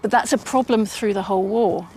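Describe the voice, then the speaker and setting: A woman's voice: medium pitch, a little fast, darkish tone, slight background noise. Woman historian explaining, with ums. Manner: fluent, explanatory, with filler ums. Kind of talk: interview answers.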